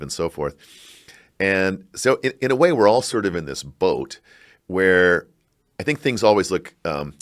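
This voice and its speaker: A middle-aged man from Chicago, a scholar talking in a podcast interview, reflective and halting with animated bursts. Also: sits low. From Chicago, United States. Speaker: guest, scholar and university provost.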